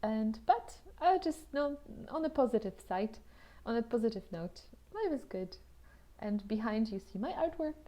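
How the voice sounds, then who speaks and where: A woman casually telling her own story to camera at home. She talks chattily, with restarts and frequent exclamations, and often drops into soft, half-whispered asides. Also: fairly high pitch, lively intonation, normal speed.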